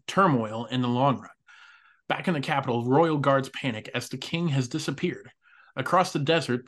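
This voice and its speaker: A man's voice: medium pitch, a bit bright. A man hosting a casual anime recap podcast, laughing often and swearing casually. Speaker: podcast host.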